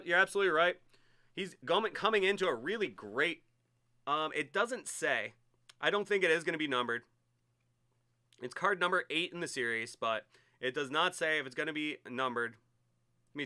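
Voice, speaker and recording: A man hosts a live card break, talking excitedly through every card he pulls. His voice is bright and forceful, crisp and resonant, and sits a little high for a man. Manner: excited, chatty, hyping each card.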